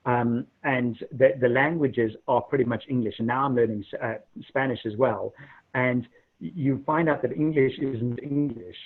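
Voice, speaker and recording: A middle-aged man from Africa, a guest telling stories in an animated, chatty way over a video call. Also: medium pitch, moderate pace. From South Africa. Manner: animated, repeats words when starting. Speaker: guest, minister. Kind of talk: casual storytelling chat. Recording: muffled phone-like call audio.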